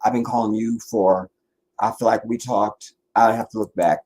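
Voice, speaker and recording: A man's voice: lowish voice, steady tone, normal speed, a little mellow, a little hiss or hum. A man from the Washington DC area, tired and worn out, hosting a livestream in a rambling casual chat full of restarts and asides. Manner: meandering, many restarts and asides. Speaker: livestream host.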